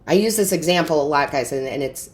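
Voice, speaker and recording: A woman's voice: low voice, animated, fast talker. A woman giving an intuitive tarot reading straight to camera, earnest and emotional, often checking in with "right?" and "okay?". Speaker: tarot reader and medium.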